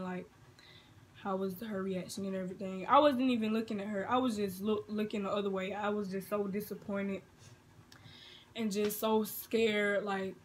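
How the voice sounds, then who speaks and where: A young woman, telling a personal story in a casual storytime vlog, turning loud and excited. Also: mid-range voice. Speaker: vlogger.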